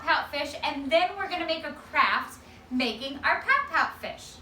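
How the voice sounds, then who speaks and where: Sing-song preschool teacher, high bright voice. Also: female voice, measured pace, slight background noise. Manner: animated, sing-song, gently directing. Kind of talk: circle-time story reading to children. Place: classroom. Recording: echoey classroom from far off.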